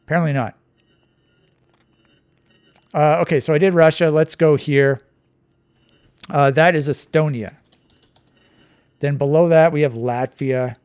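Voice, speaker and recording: A man's voice: fairly high pitch, steady tone, a little slow, pauses often, a little mellow, clean tone, no room sound, clean studio sound. A man giving casual, digressive commentary while playing a map quiz, thinking aloud as he goes. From Canada. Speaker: quiz channel host.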